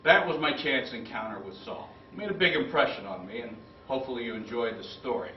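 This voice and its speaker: A man in his fifties giving a storytelling speech at a club meeting, acting out the quotes with lively turns. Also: fairly low pitch, a little hiss or hum. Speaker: club speaker. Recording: roomy, distant, dull lo-fi.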